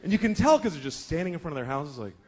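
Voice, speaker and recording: Stand-up comic, man, middle-aged, very animated pitch, profane and exasperated, faint room ambience. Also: rapid-fire, a little hiss or hum. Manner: profane, exasperated, acts out quoted voices. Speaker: stand-up comedian. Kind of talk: stand-up comedy routine. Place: comedy venue before a laughing audience.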